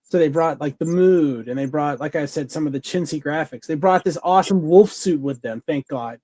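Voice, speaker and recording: Guy rambling on a review podcast, kinda high voice, mellow tone, dry sound. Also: a little fast, no room sound. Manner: rambling, enthusiastic, lots of fillers and restarts. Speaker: podcast co-host. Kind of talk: casual review chat.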